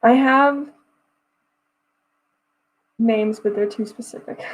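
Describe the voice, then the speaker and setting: On a low-quality recording, a young woman with a slightly high voice speaks slowly while hosting a writing livestream. She chats casually, reads comments, giggles often and talks in loose, restarting phrases.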